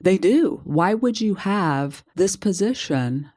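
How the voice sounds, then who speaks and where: Woman, podcast co-host, snarky, animated, quotes dialogue. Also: medium pitch, slow. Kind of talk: casual chat, storytelling.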